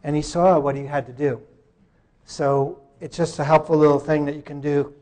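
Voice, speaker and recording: Halting male conference presenter. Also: a little high, flat delivery, a little mellow. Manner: halting, breaks off mid-sentence to fix tech. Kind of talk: live presentation.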